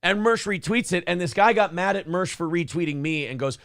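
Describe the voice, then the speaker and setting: A man with a high, lively voice co-hosts a podcast and tells stories with sarcastic flair. His pitch swings widely as he mocks the people he quotes. The recording is dry and close, with no room sound. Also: brisk, gravelly, hardly any pauses, clear, resonant tone, dry recording. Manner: sarcastic, animated storytelling with mocking voices. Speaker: podcast co-host. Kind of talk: casual chat.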